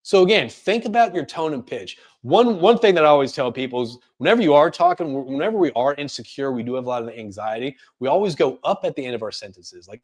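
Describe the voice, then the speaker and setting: A man presenting a career coaching webinar, speaking rapidly and energetically with frequent fillers and restarts. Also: medium pitch, expressive. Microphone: webinar microphone.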